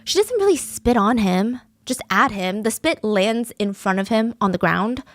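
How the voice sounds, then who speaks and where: A woman telling a true-crime story to her podcast audience in a chatty, expressive way. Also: fairly high pitch, normal speed, no echo, clean studio sound. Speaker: storyteller host.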